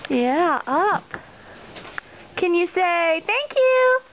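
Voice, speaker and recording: Woman in high sing-song baby talk. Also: big pitch swings, extremely slow, noisy background. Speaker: mother. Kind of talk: home video talking to a toddler. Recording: dull lo-fi home video.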